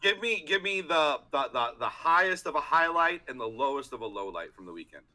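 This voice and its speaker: A man's voice: fairly high pitch, lively intonation, fairly quick, sharp tone. A man co-hosting a casual podcast, asking questions and tossing in short echoing remarks. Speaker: podcast co-host.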